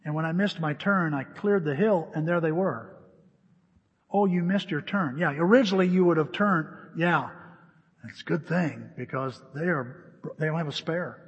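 A man preaching in a church hall, his slightly high and husky voice carrying a long reverb. He tells a story animatedly, acting out both sides of the phone calls. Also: dull audio. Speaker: pastor. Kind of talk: sermon.

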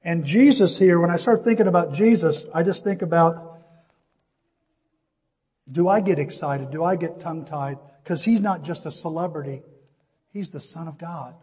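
A middle-aged man from the American Midwest preaching a sermon, telling a personal story in an animated way and calling his listeners folks. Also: a little high, normal speed, breathy edge. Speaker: pastor. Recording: long reverb of a large hall.

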